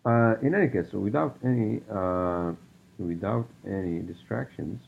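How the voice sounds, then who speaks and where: A man's voice: lowish voice, moderate pace, creaky. A man hosting a solo podcast, ranting and rambling with heavy swearing and many fillers, on a dull lo-fi recording. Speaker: podcast host. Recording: dull lo-fi sound with faint noise.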